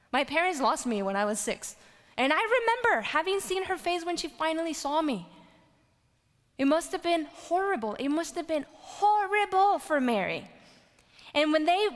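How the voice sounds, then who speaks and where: Woman preacher, high voice, storytelling sermon, big swings from loud to whispered, long hall reverb. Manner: animated storytelling, rising to loud exclaims and dropping to whispers.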